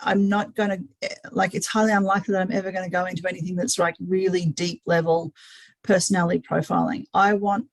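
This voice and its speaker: A woman's voice: on the low side, level tone, fast talker, no room sound, low-quality recording. A woman hosting a live webinar, talking earnestly and often repeating words as she thinks aloud. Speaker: webinar host. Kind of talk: live-streamed webinar talk.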